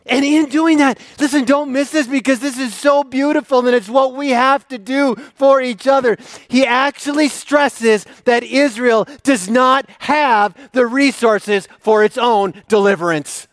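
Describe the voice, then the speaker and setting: A male pastor preaching a sermon, earnest, swinging from emphatic to hushed and intimate. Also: extremely high pitch, a little slow, hardly any pauses, dry recording, studio quality.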